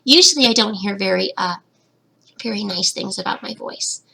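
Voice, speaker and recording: Young woman chatting on a webcam livestream, giggly, voice kinda cracky and fry-ish, bright tone. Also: mid-range voice, moderate pace. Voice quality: voice slightly cracking. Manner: chatty and giggly, reads comments aloud. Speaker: fish-keeping channel host, betta breeder. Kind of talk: casual livestream Q&A, reading chat.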